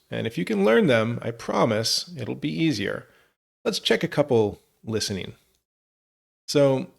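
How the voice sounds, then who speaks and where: A man teaching English, reading example questions slowly and clearly for learners. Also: a little high. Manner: slow, clear model phrases for learners. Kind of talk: scripted lesson narration.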